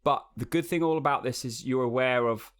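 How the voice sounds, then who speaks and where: A man giving a relaxed, conversational singing lesson, explaining as he goes with frequent fillers and restarts. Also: mid-range voice, brisk, clear, resonant tone. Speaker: singing coach.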